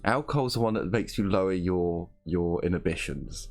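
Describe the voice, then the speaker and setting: A man's voice: low voice, normal speed, hardly any pauses, soft background music. A man running a tabletop game as game master, narrating and joking in a wry, casual way.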